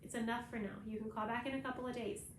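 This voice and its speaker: A woman reading as a brisk, strict mom. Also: on the high side, steady tone, echoey room, a little hiss or hum, lightly acted. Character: Ben's mother, brisk and strict.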